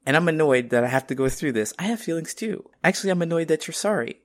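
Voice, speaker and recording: Man, animated, exasperated, frank, casual group talk. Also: fairly high pitch, quick pace.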